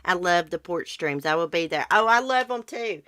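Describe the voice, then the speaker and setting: Woman, deep voice, congested, blunt and chatty, dry close sound. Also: animated, moderate pace, fairly bright tone, no echo. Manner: blunt, chatty, swears casually. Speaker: livestream host. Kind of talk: casual chat about true crime with live viewers.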